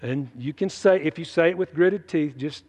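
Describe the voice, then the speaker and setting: A middle-aged man, preaching a folksy, emphatic sermon and dropping into quiet asides. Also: a little high, normal speed. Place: church hall. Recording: long hall reverb.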